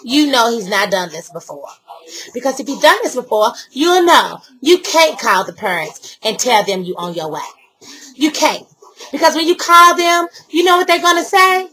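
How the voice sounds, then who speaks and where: A woman's voice: high-pitched, moderate pace, low-quality recording. An older woman telling a story casually and sassily to camera, acting out what others said. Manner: animated, sassy, acts out quotes. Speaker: vlogger.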